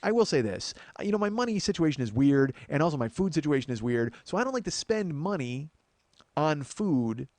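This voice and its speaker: A quick-talking man with a slightly higher voice rants through a profane, self-mocking comedy monologue. He calls his listeners folks. The sound is close and dry. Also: big pitch swings, darkish tone, dry recording. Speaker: podcast host and comedian.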